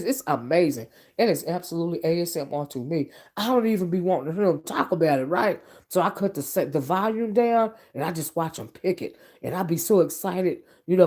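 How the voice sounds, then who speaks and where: A woman's voice: sits low, mellow. A woman host chatting casually and rambling to her viewers on a late-night livestream, sleepy and talking in a loose, folksy way. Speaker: channel host.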